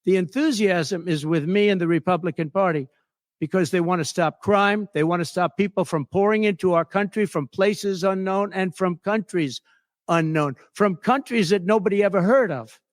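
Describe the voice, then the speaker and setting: A man's voice: high-pitched, normal speed, no echo, clean studio sound. A man running for office, answering reporters' questions at a press conference in a boastful, repetitive and emphatic way. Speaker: political candidate at a press conference.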